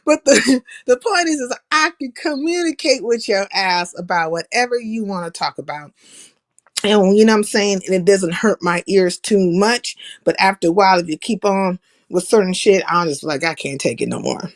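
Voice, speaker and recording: A woman's voice: medium pitch, normal speed. A woman hosting a live stream, giving a blunt, profane monologue and laughing at her own jokes. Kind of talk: casual opinionated monologue.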